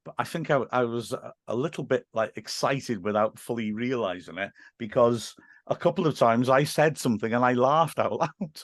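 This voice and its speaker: A man's voice: medium pitch, normal speed, dry recording. A Welsh-accented man chatting as a podcast guest. He tells stories with animation, often restarting his sentences. His voice is recorded close and dry, with no room sound. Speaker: podcast guest, football commentator. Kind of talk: casual chat.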